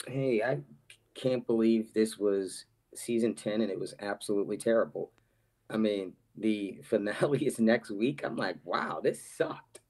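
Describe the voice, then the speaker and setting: A man's voice: on the low side, normal speed, mellow. A man calling in to a live show, giving frank and rambling opinions. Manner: frank, rambling, some restarts. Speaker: caller. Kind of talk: casual call-in opinion.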